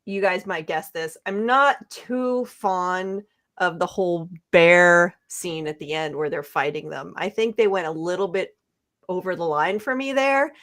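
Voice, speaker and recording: A woman's voice: on the low side, unhurried, a bit bright. A woman co-hosting a casual podcast, giving her rambling, self-correcting opinions on a comedy movie. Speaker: podcast co-host. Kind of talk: casual chat.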